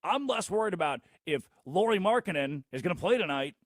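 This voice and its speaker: A man hosting a sports talk show, delivering a theatrical monologue full of sarcastic rhetorical questions and big swings in loudness. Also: high-pitched, animated, fairly quick, no room sound, studio quality. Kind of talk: animated monologue.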